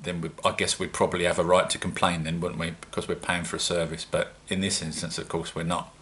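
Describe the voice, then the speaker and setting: A man with a British accent talks to his viewers in a loose, rambling vlog. His voice sits low yet comes across bright and forward, and he pokes fun at himself as he chats. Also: flat delivery, quick pace, a little hiss or hum. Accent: British English. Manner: chatty, rambling, self-mocking. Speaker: home-brewing vlogger. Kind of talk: casual solo vlog.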